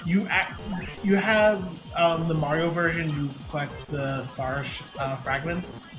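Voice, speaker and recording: A man's voice: fairly high pitch, steady tone, a little slow. A man chatting casually with a streamer, giving game tips in a rambling, hesitant way full of fillers. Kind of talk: casual chat. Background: game music.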